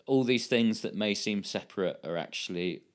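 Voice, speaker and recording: A man's voice: on the low side, moderate pace. A man co-hosting a podcast, chatting casually and enthusiastically about films, with a rambling manner and casual swearing. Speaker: podcast co-host. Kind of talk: casual chat.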